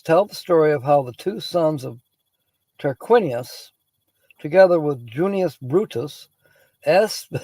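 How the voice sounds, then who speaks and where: A man's voice: on the high side, mellow, no room sound, low-quality recording. A man hosting a livestream, reading word origins aloud, chatting casually, laughing often and greeting viewers by name. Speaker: livestream host.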